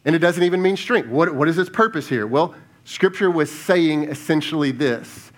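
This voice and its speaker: A lead pastor giving a sermon in a conversational style, asking the congregation rhetorical questions, often restarting and repeating words, and dropping to a hushed tone when he asks them to reflect. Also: a little high, animated, moderate pace.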